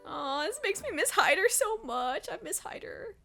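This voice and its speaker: A woman hosting an anime reaction video, talking in a casual, gushing, excitable way. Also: very high-pitched, moderate pace, gravelly, soft background music. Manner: gushing and excitable, with gasps and exclamations.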